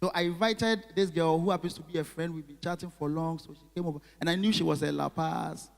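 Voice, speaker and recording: A man works a live crowd, his voice pitched high for a man. His talk carries a long hall reverb from the venue. He is animated and keeps turning to the audience with questions. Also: fast talker, vocal fry. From Ghana. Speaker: stand-up comedian. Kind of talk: stand-up comedy with crowd work.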